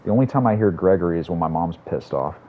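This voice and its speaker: Man streaming a game, low voice, rambling and swearing, slightly muffled audio, faint room hum. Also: animated, quick pace. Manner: rambling, profane, storytelling. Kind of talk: casual chat while streaming a game.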